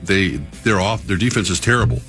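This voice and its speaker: A man with a very low voice, a guest on a sports radio show. He gives halting, measured commentary in casual chat. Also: a bit bright, soft background music.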